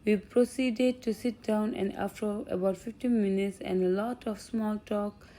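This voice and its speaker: A woman narrating an audiobook, telling a first-person story in an earnest, unhurried way. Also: medium pitch, fairly even intonation, dark tone.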